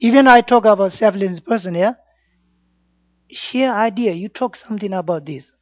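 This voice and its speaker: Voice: mid-range voice, moderate pace, no echo. Buddhist teacher, plain broken English, keeps checking in with the class; dull, dry lo-fi recording. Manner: simple broken English, frequent checks like "yeah?" and "you know". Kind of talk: informal Dharma class talk.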